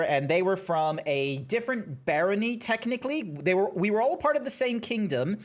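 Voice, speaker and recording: A man chatting casually on a game stream, telling a rambling story full of restarts and self-corrections. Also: on the high side. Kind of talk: casual gaming stream chat.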